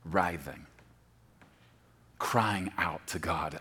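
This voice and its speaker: Dramatic preacher, loud to whispering. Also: male voice, sits low, sing-song, slow, pauses often, husky. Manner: swings from loud emphatic preaching to hushed whispers. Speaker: pastor. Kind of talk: sermon.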